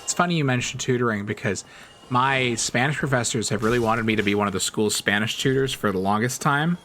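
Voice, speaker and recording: A man chats loosely while he plays a game on stream, wandering from story to story and laughing as he goes. His pitch sits in the middle, and a faint hiss stays under the voice. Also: brisk, a bit bright. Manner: rambling, chatty, laughs often. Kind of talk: casual chat while gaming.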